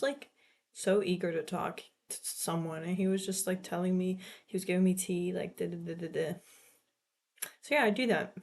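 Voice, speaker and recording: Speaking in a lowish, darkish voice, a vlogger in her late teens keeps things casual and chatty. She rambles, curses, and fills her sentences with "like."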